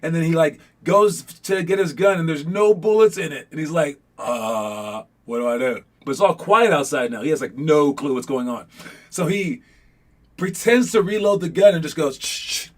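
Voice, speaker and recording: A young man talks to his young basketball players in a loose, casual way. His voice sits a little on the high side. He rambles through fillers and gets animated when he retells a scene. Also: normal speed. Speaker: youth basketball coach. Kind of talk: casual motivational talk.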